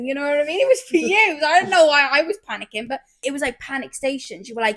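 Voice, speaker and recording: A lively woman hosts a podcast and chats, telling stories with big loud bursts when she quotes people. Her voice sits a little high and swings widely in pitch. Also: fast, few pauses. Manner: animated storyteller, swears, acts out quotes loudly. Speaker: podcast host. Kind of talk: casual chat.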